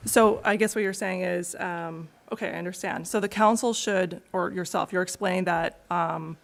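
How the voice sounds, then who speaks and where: A woman on a town council, raising a pointed objection in formal debate, halting with fillers and restarts. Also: fairly low pitch, fairly even intonation, gravelly. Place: council chamber.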